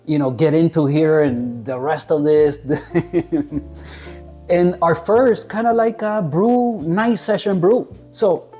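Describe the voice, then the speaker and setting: A man talking casually to camera as he reviews a coffee, relaxed, chuckling often and stumbling over unfamiliar names. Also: on the high side, slow, faint music behind.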